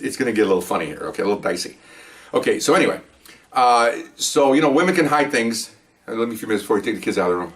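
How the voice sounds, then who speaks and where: Fast-talking older man telling cop stories. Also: fairly low pitch, far from the mic. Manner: rambling, conversational, frequent restarts and asides. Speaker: retired police officer telling stories. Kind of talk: casual storytelling to camera.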